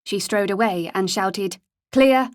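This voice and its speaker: A woman reading an audiobook in a measured, steady storytelling manner. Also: medium pitch. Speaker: audiobook narrator. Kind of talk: scripted narration.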